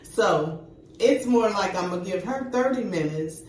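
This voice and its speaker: A woman's voice: medium pitch, measured pace. Emphatic older woman, slightly distant. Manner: lively storyteller, emphatic. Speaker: co-host. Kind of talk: casual chat. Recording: echoey, distant mic with faint noise.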